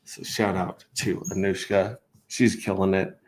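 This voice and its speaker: A man's voice: sits low, level tone, measured pace, darkish tone. A man hosting a casual crypto livestream, talking through charts in a rambling, self-interrupting way with wry asides.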